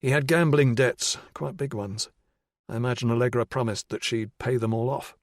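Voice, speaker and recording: A man's voice: medium pitch, moderate pace, dry recording, lightly acted. A man voicing an unconventional male detective with a dry, understated way of speaking. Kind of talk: audiobook character voice.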